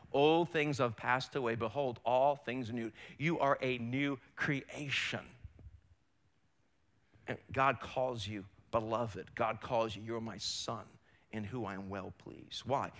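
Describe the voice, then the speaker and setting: A man's voice: fairly high pitch, bright, forceful tone. A man preaching a sermon as pastor in a church, emphatic and rising and falling in force. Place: church sanctuary.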